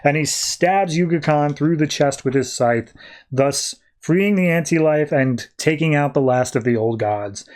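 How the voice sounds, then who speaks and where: A man hosts a podcast and casually recaps a comic book issue. He talks in a chatty, rambling way, with a fairly high voice and frequent fillers and asides. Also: a little slow, darkish tone. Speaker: podcast host.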